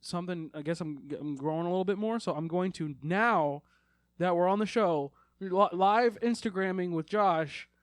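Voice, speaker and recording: High-voiced rambling podcast guy. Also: normal speed, dry recording, clean studio sound. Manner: rambling, loose, swears casually. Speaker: podcast co-host. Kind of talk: casual chat.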